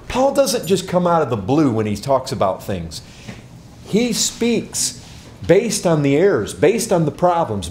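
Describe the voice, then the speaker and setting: A man's voice: mid-range voice, darkish tone, slight background noise. A man, a pastor, answering a question before a group in an emphatic teaching style, repeating words and asking rhetorical questions.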